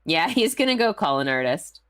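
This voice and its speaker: A woman's voice: lowish voice, very animated, a little fast, fairly bright tone, clean tone. A woman casually chatting and joking while playing a video game, giggly and playful. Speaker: game streamer. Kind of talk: casual chat over gameplay.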